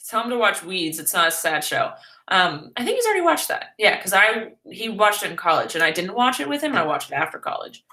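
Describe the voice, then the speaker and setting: Bright, lively young woman vlogger. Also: mid-range voice, a little fast. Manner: chatty and playful, jokey asides. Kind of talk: casual chat answering viewer questions. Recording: echoey room.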